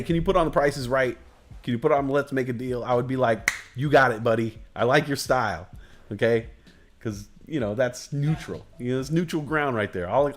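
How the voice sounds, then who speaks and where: A man hosting a livestream, ranting casually with heavy swearing, emphatic repetition and loose digressions. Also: mid-range voice. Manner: loose, digressive, chuckles at his own jokes. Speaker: livestream host. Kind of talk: casual rambling rant.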